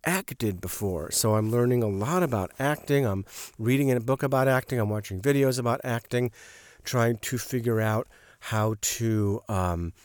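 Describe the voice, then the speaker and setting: A man with a hoarse, sick-sounding voice, chatting casually in a rambling solo monologue with many fillers. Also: mid-range voice, normal speed, dry recording, clean studio sound. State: hoarse from a cold. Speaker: podcast host and voiceover artist.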